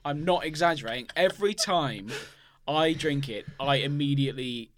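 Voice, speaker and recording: A man's voice: on the high side, moderate pace, slight background noise. A man co-hosting a comedy podcast, telling a story in a dry, wry way. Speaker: podcast co-host. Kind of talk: casual comedic chat.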